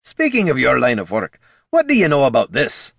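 A man's voice: medium pitch, wildly swooping pitch, normal speed, gravelly, fairly bright tone, slightly rough, no room sound, studio quality, pitched above the performer's own voice, exaggerated voice. A man reading aloud, voicing a burly male who talks in a casual, almost friendly but threatening way, saying "ye". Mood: menacing.

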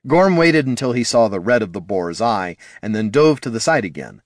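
A man narrating a fantasy audiobook in a measured storytelling manner. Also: on the low side, sing-song, no echo, clean studio sound. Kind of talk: scripted narration.

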